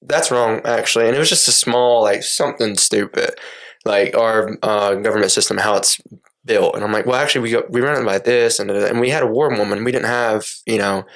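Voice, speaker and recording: A man's voice: on the low side, a little fast, creaky. A young man from Cherokee, North Carolina, co-hosting a podcast and telling stories in casual chat, acting out other people's lines with swearing. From Cherokee, North Carolina, USA. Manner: animated retelling, acting out voices, swearing. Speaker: podcast co-host.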